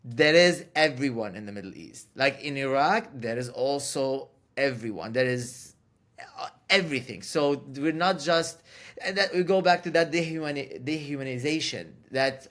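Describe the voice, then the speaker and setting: A man with a Lebanese accent, a podcast guest talking in a relaxed, animated way with frequent restarts. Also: mid-range voice, moderate pace. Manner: animated storyteller, many restarts. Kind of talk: casual conversation.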